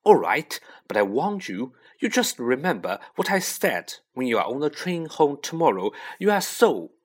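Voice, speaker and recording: Hermione, a man doing a shrill bossy schoolgirl. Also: sing-song, moderate pace. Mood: scolding. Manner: hissing, scolding, shrill. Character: bossy know-it-all schoolgirl, shrill and scolding.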